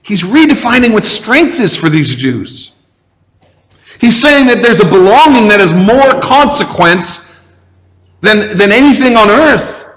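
A man's voice: high-pitched, a bit bright, long reverb tail, poor audio. A male pastor preaching a sermon, earnest and emphatic, with rhetorical questions.

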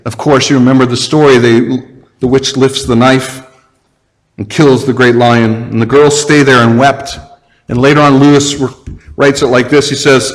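A man's voice: on the high side, big-room sound, poor audio. A male pastor preaching a sermon, earnest and emphatic, with rhetorical questions.

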